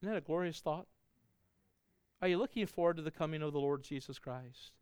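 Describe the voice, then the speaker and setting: Earnest preaching man with smooth voice. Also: fairly high pitch, a little fast, dry recording. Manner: earnest preaching, swells louder then drops to soft endings. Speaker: pastor. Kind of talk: sermon.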